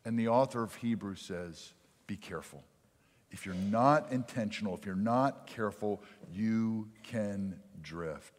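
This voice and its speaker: A man's voice: fairly low pitch, unhurried, few pauses. Earnest preaching man in a reverberant hall. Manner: earnest preaching, dynamic volume, drops to quiet for emphasis. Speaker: pastor. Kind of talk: sermon. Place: church sanctuary.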